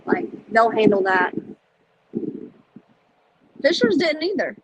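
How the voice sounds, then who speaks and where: Chatty Southern woman, slightly husky. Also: fairly high pitch, big pitch swings, slow pace, low-quality recording. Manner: chatty, rambling, country phrasing. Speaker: vlogger. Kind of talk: casual chat. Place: in a car.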